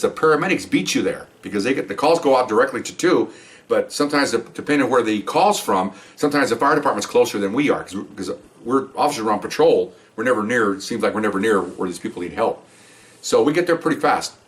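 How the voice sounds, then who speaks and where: An older man, a retired police veteran, casually telling stories from the job and acting out the voices in them. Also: distant mic. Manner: animated, acts out quoted dialogue with higher pitch. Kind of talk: casual storytelling to camera.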